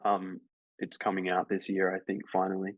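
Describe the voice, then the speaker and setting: A man's voice: completely flat delivery, normal speed, no echo. A man, an actor telling a long, rambling anecdote full of fillers in a casual interview. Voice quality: gravelly low voice. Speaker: actor guest. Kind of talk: casual storytelling in a podcast chat. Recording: dull, dry lo-fi sound.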